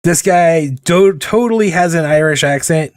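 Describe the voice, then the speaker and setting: This man streams himself drawing and talks casually, drifting into tangents and poking fun at himself. The recording is studio quality without echo, and his slightly high voice moves at normal speed.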